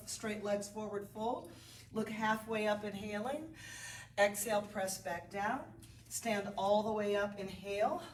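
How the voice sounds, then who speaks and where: A woman's voice: mid-range voice, recorded from a distance, slight background noise. A woman yoga instructor guiding a beginner class, chatty and encouraging as she calls out breath cues. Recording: roomy, off-mic with faint ambience.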